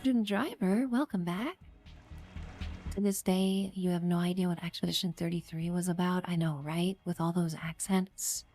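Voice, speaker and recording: A woman's voice: lowish voice, flat delivery, normal speed, hardly any pauses, darkish tone, faint music behind. A woman with a Chicago Midwestern accent, live-streaming a game, chatting cheerfully and greeting viewers by name. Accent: Midwestern American, Chicago. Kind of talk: casual live-stream gaming chat.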